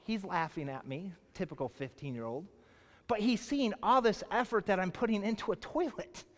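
A male pastor in his forties preaching a sermon, telling a personal story in an animated, casual way full of "like". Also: high voice, moderate pace. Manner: animated storytelling, colloquial, lots of "like". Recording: long hall reverb.

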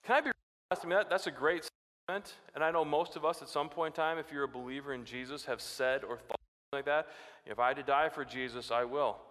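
A man preaching a sermon, lively and dramatic, his voice climbing sharply when he quotes scripture. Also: fairly high pitch, fast talker, big-room sound. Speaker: pastor.

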